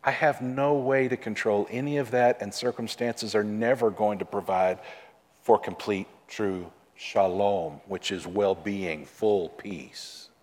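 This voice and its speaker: Slow, emphatic preacher in a hall. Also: male voice, fairly low pitch, fairly even intonation, darkish tone. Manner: slow, emphatic preaching, repeats key phrases. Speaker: pastor. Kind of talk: sermon. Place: church sanctuary. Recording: long hall reverb.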